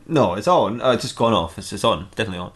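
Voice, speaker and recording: A man's voice: fairly low pitch, animated, racing, a bit bright. A man casually reading and ad-libbing a comic fan-fiction story, rambling and laughing at his own jokes.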